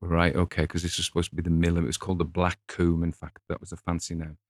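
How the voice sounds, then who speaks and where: A man's voice: low voice, monotone, quick pace, dry recording, studio quality. A middle-aged man hosting a casual book talk, wandering into anecdotes with chuckling asides. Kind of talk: casual rambling book chat.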